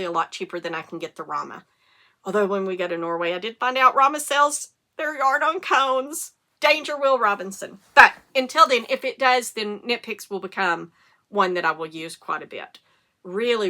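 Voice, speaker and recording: A middle-aged woman, hosting a casual knitting podcast and telling animated stories, with the occasional cough and hiccup. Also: mid-range voice. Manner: chatty, animated storytelling with rising excitement. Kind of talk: casual chat.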